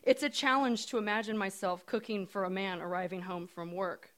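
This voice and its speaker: A woman's voice: mid-range voice, fairly even intonation, brisk, a bit bright. Wry American woman telling a story. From United States. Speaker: narrator. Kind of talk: storytelling narration.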